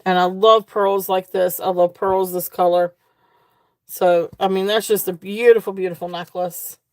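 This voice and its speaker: A woman's voice: mid-range voice, fairly even intonation, normal speed, darkish tone, no echo. A woman hosting a live jewelry sale, talking casually and gushing over each piece, repeating her praise with plenty of ums and restarts. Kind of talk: casual live-stream selling.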